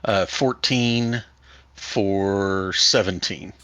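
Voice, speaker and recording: A man playing a tabletop game, deliberate, working out his moves and sums aloud. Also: sits low, pushed and bright, no echo. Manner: slow, deliberate, adding up numbers aloud. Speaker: player. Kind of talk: casual tabletop play.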